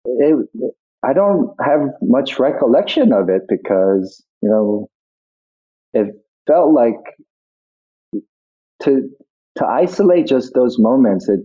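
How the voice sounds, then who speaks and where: A man's voice: mid-range voice, big pitch swings, slow pace, long pauses, mellow, husky. A middle-aged man, a guest actor, reminiscing in a casual interview, rambling and reflective with many restarts. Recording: tinny phone-like line.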